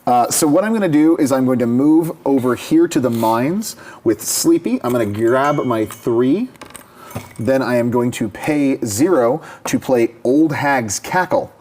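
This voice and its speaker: A man co-hosting a live board game stream, chatting excitedly and often tripping over his words as he explains his moves. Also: mid-range voice, unhurried, a little hiss or hum. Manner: excitable, stumbles and repeats words. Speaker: co-host. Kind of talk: casual chat while playing a board game.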